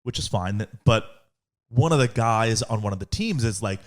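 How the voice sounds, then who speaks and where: A young man co-hosting a podcast, telling a story in casual chat and acting out quotes in high voices. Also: animated, moderate pace. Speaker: podcast co-host.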